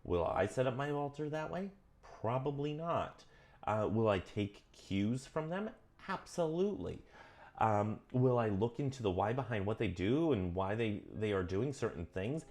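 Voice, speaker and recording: A man casually talking through a witchcraft book on his vlog, earnest and self-correcting, often drifting onto tangents, his pitch jumping up when he gets emphatic. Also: expressive, moderate pace, a little mellow. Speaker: vlogger reading and commenting on a witchcraft book. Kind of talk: casual rambling vlog commentary.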